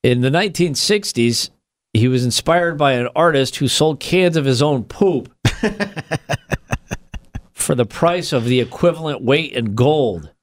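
A man co-hosting a casual comedic podcast, telling stories in an animated, profane way. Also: medium pitch, unhurried. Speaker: podcast co-host.

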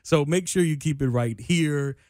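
Young guy hosting sports radio, kinda high voice, rambly and joking at himself, dry studio sound. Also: normal speed, a little mellow, no echo. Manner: loose, rambling, self-deprecating. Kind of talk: casual sports radio talk. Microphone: studio microphone.

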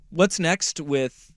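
A man's voice: on the high side, no room sound. A man hosting a studio talk show, joking with his guest and then asking earnest questions. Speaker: radio show host. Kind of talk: casual chat, interviewing. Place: radio studio.

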